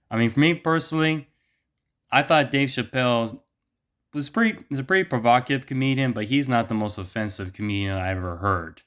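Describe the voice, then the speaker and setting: A man's voice: lowish voice, fairly bright tone, smooth. A man giving a blunt opinion monologue as a vlogger, ranting with frequent swearing.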